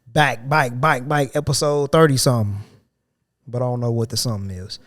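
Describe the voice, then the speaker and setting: A man's voice: medium pitch, steady tone, a little fast, a bit bright. A young man hosting a podcast, telling a work story in loose slang and acting out his coworkers' lines. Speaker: podcast host. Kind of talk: casual storytelling chat.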